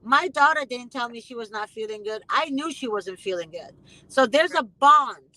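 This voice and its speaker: A woman's voice: a little high, animated, brisk, pushed and bright, no room sound, low-quality recording. A woman hosting a casual conversation, speaking emphatically and repeating phrases with indignation. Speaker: host.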